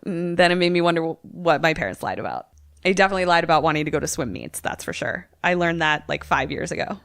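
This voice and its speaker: Lower-voiced woman in casual podcast chat. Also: fast talker, dry recording, studio quality. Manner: animated, swears freely, laughs often. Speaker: podcast co-host.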